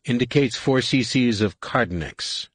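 A man's voice: medium pitch, breathy edge, no echo, voice pushed up. A man reading aloud and voicing a dispassionate medical droid that reports in short, clipped phrases. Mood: clinical. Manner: clipped, flat, slow reports.

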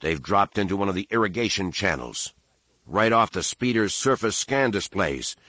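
A man voicing a brisk, practical male security chief who speaks in a matter-of-fact, businesslike way. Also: lowish voice, lively intonation, pushed and bright, no room sound.

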